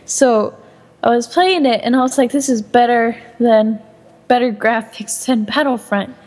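A woman's voice: a little high, measured pace, darkish tone, in a large hall. A teenage girl chatting casually as a podcast co-host, laid-back and wry, laughing often. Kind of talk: casual fan chat.

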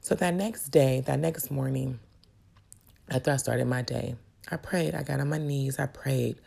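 A woman's voice: a bass voice, measured pace, vocal fry, dark tone, breathy edge. A woman giving an earnest, emotional faith testimony straight to her viewers. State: tearful at times. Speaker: vlogger sharing a testimony.

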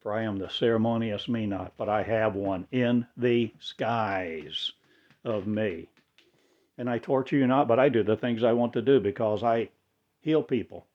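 A man delivering a rambling spiritual monologue in halting, oddly inverted phrasing. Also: fairly low pitch, muffled recording.

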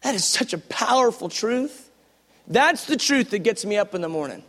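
A middle-aged man with a high, light voice delivers an impassioned sermon, stacking repeated phrases until he is nearly shouting, then sinking to a hush. His voice rings with a long hall reverb. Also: animated, normal speed. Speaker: preacher.

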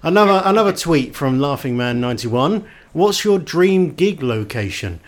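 Lively chatty male host. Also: on the high side, normal speed. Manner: reads listener questions, easygoing. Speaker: radio host. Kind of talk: casual chat interview.

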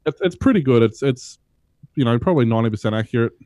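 A man co-hosting a casual tech podcast, relaxed and hesitant, with many ums. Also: mid-range voice, quick pace, no room sound, clean studio sound. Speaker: podcast co-host.

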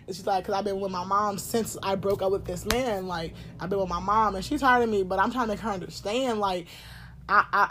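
A woman, telling a personal story in a blunt, animated way, swearing and laughing often. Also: mid-range voice. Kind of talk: casual storytime chat.

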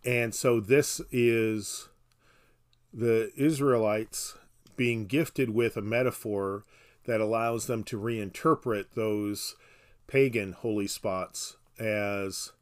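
A man explaining scripture in a casual podcast conversation, halting with restarts and dry humor. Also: lowish voice, steady tone. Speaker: Bible teacher. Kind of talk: casual Bible study podcast.

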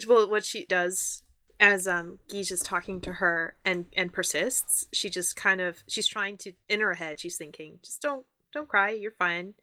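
A woman's voice: lowish voice, steady tone, measured pace, bright, forceful tone, dry recording. Giggly woman narrating her role-play character. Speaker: tabletop role-playing player.

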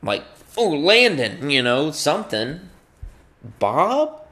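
A man's voice: fairly high pitch, takes it slowly. A man delivering a profane comedic rant, bouncing between musings and acted-out voices. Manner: profane, animated, acts out voices mid-rant.

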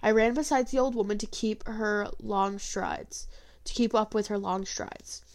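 A woman reading a first-person folk tale aloud, expressive, with small slips and restarts. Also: medium pitch, a little slow.

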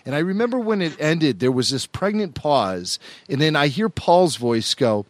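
A man's voice: on the high side, normal speed, no echo. A man co-hosting a podcast, telling stories in a casual chat and laughing often. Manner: animated storytelling, laughs often.

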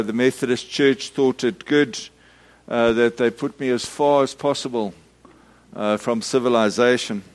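A middle-aged Methodist minister, giving a storytelling sermon full of restarts and acted-out shouts. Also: male voice, mid-range voice. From South Africa.

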